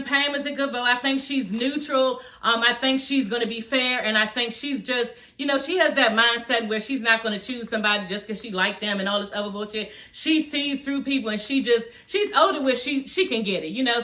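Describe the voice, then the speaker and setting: Sassy woman from d.c. chatting a reality show recap, bright forceful voice, kinda high. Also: brisk, few pauses, reverberant, rough recording. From Washington, D.C. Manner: sassy, chatty, peppered with "honey" and "girl". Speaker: YouTube reality TV reviewer. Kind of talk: casual recap chat to camera.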